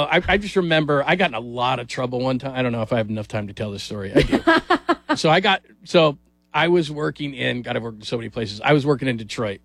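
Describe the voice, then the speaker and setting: A man's voice: fairly high pitch, gravelly, a bit bright, no room sound. A middle-aged man hosting a casual sports talk radio show, rambling and self-deprecating and laughing often. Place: radio studio.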